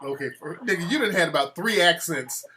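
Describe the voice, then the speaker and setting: Male call-in host, fairly high and bright, casual and teasing. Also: animated, fairly quick, a little hiss or hum. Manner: loose, mocking, repetitive. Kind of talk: casual live-stream talk show.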